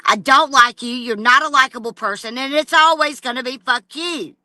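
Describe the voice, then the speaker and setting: A woman's voice: high-pitched, a little fast, sharp tone, no room sound. A woman livestreaming an angry, profane rant straight at a rival. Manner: profane and confrontational, addressing a rival directly.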